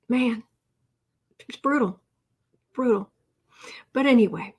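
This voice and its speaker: A woman's voice: a little high, a little slow, long pauses, a little mellow, slightly rough. A woman hosting a political tarot and astrology livestream, talking in a rambling, casual way with many fillers and restarts.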